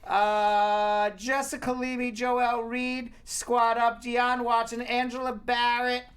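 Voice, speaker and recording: A man's voice: extremely high pitch, little pitch movement, slow pace, fairly bright tone, smooth. A man hosting a live online show, playfully teasing and reading out viewer names in casual chat. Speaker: show host.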